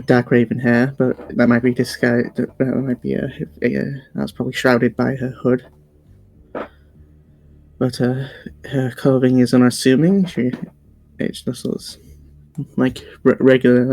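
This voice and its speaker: A man's voice: medium pitch, gravelly, mellow. A man playing a tabletop role-playing game, speaking hesitantly with many restarts and fillers. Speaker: player.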